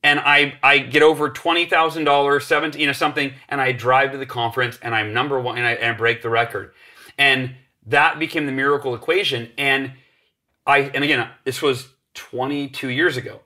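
A man in his forties tells a story with energy, acting out the other people's lines as he goes. His voice is bright and forward, sitting at an ordinary pitch for a man. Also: fairly even intonation, a little fast. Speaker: podcast guest. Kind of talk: animated storytelling.

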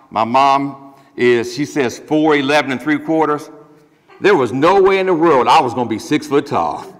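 A male pastor preaches to his congregation in a plain, conversational way and leans hard on his key words. His voice sits at a middle pitch. A long reverb trails each phrase through the church. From Ohio. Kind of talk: sermon. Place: church sanctuary.

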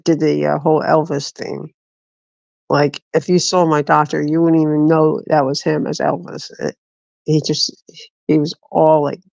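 A man telling casual stories in a rambling way, often restarting his sentences. His voice has a gravelly, creaky texture at a middle pitch. The sound is dull and lo-fi, with a dry, close feel. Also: a little mellow, dry recording. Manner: rambling, with frequent restarts and laughs. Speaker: vlogger. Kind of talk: casual storytelling.

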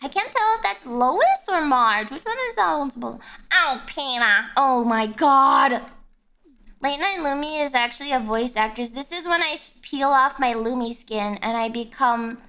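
A woman's voice: high voice, animated, moderate pace, pushed and bright. A woman streamer chatting casually on a live stream, giggly and self-mocking, often bursting into squeals.

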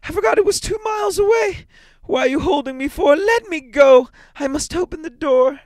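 A man voicing a grief-crazed old mother in a loud, desperate falsetto, screaming and pleading. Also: expressive, moderate pace, dry recording, studio quality. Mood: frantic.

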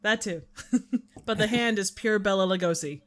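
A woman's voice: medium pitch, moderate pace. A woman guesting on a casual movie commentary, giggly and teasing.

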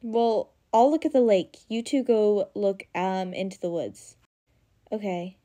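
A young woman voicing all the teen characters of a cartoon story, excitable and dramatic. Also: mid-range voice, measured pace. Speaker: voice-over storyteller.

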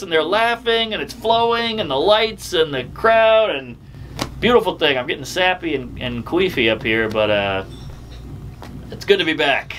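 A man in his comedian's offstage voice, sitting a little high and sounding bright and forward. He rambles loosely between jokes and perks up fast when something excites him, all in a casual chat to the camera. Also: slight background noise. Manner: rambling, jokey, quick to get excited. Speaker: stand-up comedian. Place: hotel room and theater backstage.

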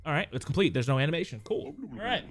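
Young male gamer, high, bouncy voice, yells and swears at the game, faint music behind. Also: fast. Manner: loud, excitable, swears a lot, talks to chat; reads game text aloud in a calmer voice. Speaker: gaming YouTuber. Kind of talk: casual gameplay commentary.

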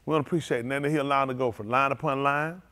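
Male pastor, loose vernacular sermon delivery, moves between low murmurs and loud high exclaiming. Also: fairly even intonation, very fast. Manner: speaks in informal, vernacular English.

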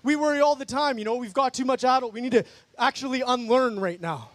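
Speaking extremely fast and at an extremely high pitch, this man preaches his testimony as a guest speaker to a worship crowd gathered outdoors in a park. The recording is dry. He is emphatic and repetitive, continually addressing listeners as "guys."

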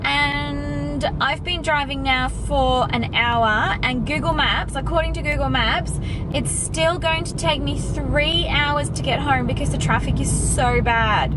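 Young Australian female vlogger, high-pitched, gushing, quick to laugh. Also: very noisy. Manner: gushing, excitable, laughs often. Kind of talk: casual vlog chat to camera. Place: car, then home.

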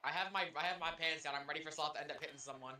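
A man chats through a hockey game in an animated, joking way. His voice is bright, fairly high and quick. He sounds a little off-mic in an echoey room with faint noise. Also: distant mic. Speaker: co-commentator. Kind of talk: casual game chat.

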